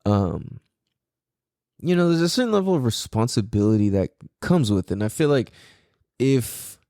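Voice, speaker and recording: A man hosting a podcast, talking in a loose, animated, profane rant full of fillers. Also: medium pitch, moderate pace, no echo, studio quality. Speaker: podcast host.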